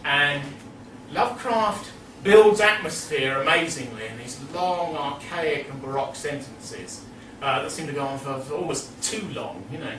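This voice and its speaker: A man's voice: a little high, measured pace, fairly bright tone. A man giving a rambling, digressive talk at a meeting, full of asides and chuckles. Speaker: speaker at a meeting. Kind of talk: lecture-style speech. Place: meeting room. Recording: echoey hall, distant mic, background noise.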